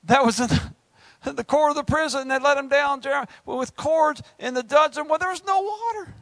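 With a dry recording, we hear a man preaching casually and playfully, acting out fast asides and rising to a high-pitched, excited pitch.

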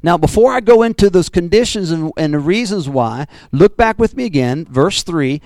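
A man preaching a fiery Pentecostal sermon, swinging from loud bursts to low, intense asides. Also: expressive, normal speed, no echo. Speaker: pastor.

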